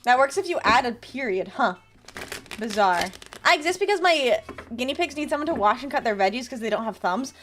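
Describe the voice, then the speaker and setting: A woman with a high, bright-pitched voice leads a casual live stream. Her speech jumps up and down constantly as she teases viewers and offers them tarot readings in a chatty, playful way. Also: lively intonation, brisk, faint music behind.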